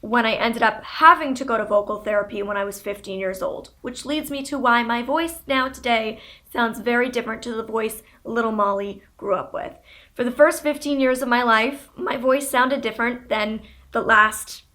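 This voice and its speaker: A woman in her twenties from Canada, chatting candidly to camera and telling a story about her childhood in a relaxed, conversational way. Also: a little high, moderate pace. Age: 20s. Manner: chatty, candid, with laughs and fillers. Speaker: YouTuber.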